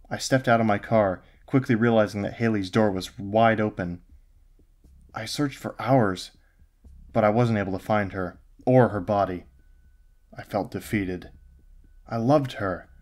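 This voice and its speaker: A man narrating a first-person horror story in a grim, haunted way. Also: lowish voice.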